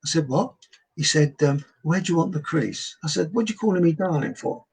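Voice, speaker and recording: Older English entertainer, husky, raconteur who acts out his anecdotes. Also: on the high side, a little fast, rough recording. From England. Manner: animated storyteller, acts out quoted voices. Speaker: guest entertainer. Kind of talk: anecdotal chat.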